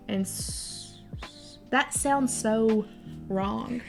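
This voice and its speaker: A woman's voice: on the high side, creaky, faint music behind. A young woman with an Appalachian accent, chatting casually and explaining local words. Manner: unhurried, explaining dialect words. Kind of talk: casual chat.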